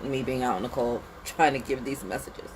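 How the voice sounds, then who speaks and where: A woman hosting a casual spiritual pep talk outdoors in the cold, animated and slangy, sniffly with a runny nose. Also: a bass voice, normal speed, background noise. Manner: animated, slangy and conversational, with lots of "like" and "you know". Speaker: spiritual reader and channel host.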